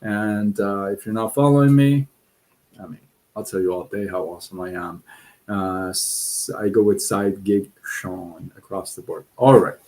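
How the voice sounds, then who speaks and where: A man hosting a live stream, talking in an unhurried, relaxed way. He chats with his viewers and tells a fable with plenty of fillers and restarts. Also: on the low side. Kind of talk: casual live-stream storytelling.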